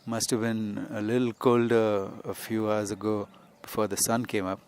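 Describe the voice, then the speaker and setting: His voice is lowish, clear and resonant, a little mellow, with little pitch movement and a moderate pace. This spiritual teacher and podcast host records an unscripted lesson outdoors on a hillside, wandering conversationally and often using "you see."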